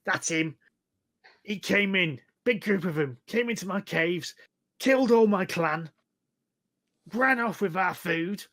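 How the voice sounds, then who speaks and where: A man's voice: expressive, slow pace, pauses often, a bit bright, full character voice. A man voicing a pompous, boastful little male goblin leader in a tabletop game. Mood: boastful whiny. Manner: boastful, squeaky and indignant.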